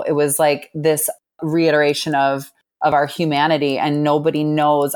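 Low-voiced woman rambling through a personal story, lots of restarts and likes. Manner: reflective, rambling with many restarts. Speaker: guest.

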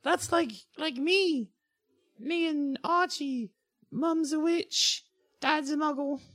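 Give me a sensitive young witch schoolgirl, played by a woman, high and slow. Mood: cheerful. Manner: high, bright girlish delivery.

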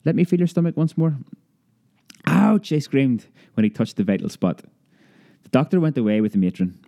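Dark-voiced man reading a memoir. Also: quick pace, dull audio. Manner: lively storytelling, raising his pitch for a child's voice. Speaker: narrator.

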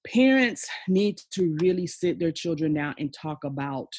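A woman's voice: low voice, expressive, normal speed, a little mellow, breathy edge, dry recording. A woman in her forties, a podcast guest, telling her personal story frankly and emphatically, often tagging lines with "okay?" and "you know". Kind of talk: candid personal storytelling in conversation.

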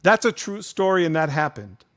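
Animated storyteller man, higher voice. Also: normal speed. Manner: animated, laughing, lively storyteller. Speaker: guest. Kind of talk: casual storytelling.

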